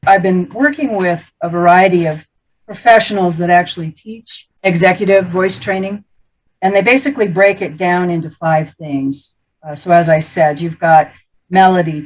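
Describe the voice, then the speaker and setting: Lively woman voice coach demonstrating. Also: fairly low pitch, a little slow, poor audio. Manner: demonstrates voices, laughs often, animated. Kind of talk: teaching talk on speaking voice.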